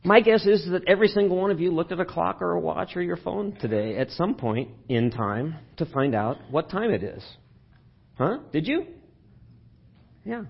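A man's voice: fairly high pitch, vocal fry, breathy edge, dull audio. A man preaching a sermon in a church sanctuary, talking conversationally and putting questions to the congregation. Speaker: pastor.

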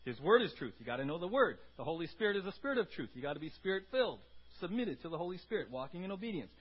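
Husky high-voiced male pastor preaching. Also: big pitch swings, racing, dull audio. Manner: emphatic, asks the congregation questions. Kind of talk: sermon. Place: church service before communion.

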